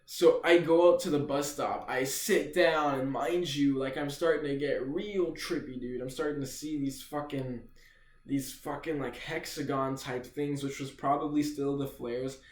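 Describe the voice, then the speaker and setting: A man's voice: mid-range voice, steady tone, unhurried. A young man telling a rambling, profane story in a casual storytime video, tossing in "dude" constantly. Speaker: vlogger. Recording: echoey room.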